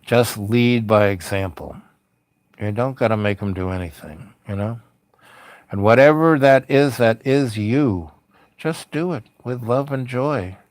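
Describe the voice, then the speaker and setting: On his late-night spiritual livestream, the male host wanders from thought to thought, heartfelt and packed with fillers. He has a mid-range voice and a measured pace, with no room sound in the recording.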